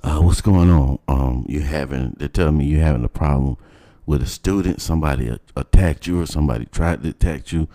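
A man voicing a stern, lecturing male high school principal. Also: brisk, dark tone. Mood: questioning. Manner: lecturing, condescending.

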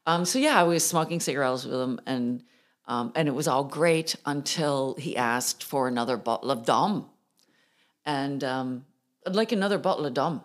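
A middle-aged woman, telling an animated story as a guest and laughing often. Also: very deep voice, normal speed. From Newfoundland, Canada. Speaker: guest musician. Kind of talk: casual storytelling.

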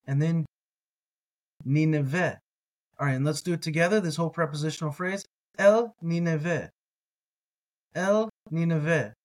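A man teaching a reading lesson, patiently repeating each word slowly for listeners to echo. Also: on the high side. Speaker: language teacher.

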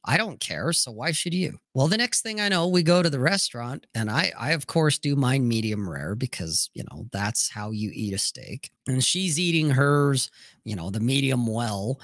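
A man hosting a casual talk show, telling stories in a profane, animated way. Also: medium pitch, normal speed, no room sound, clean studio sound. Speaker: podcast host. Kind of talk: casual storytelling chat.

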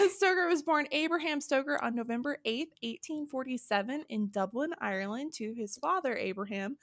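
Higher-pitched chatty woman, dry sound. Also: lively intonation, normal speed, a bit bright, no room sound. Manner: chatty, giggly, stumbles over words. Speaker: history podcast host, guest. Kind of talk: casual podcast chat.

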